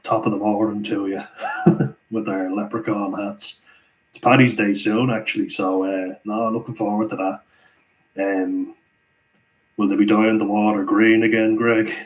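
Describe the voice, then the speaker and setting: A man's voice: on the low side, low-quality recording. An Irish man hosting a casual live Q&A, chatting with viewers and laughing often between remarks. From Ireland. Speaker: channel host answering viewer questions.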